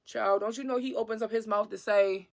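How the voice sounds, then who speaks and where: A woman vlogger telling a storytime about a bad date, blunt, slangy and profane, with animated retelling. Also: mid-range voice, fairly quick, creaky. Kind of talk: storytime narration.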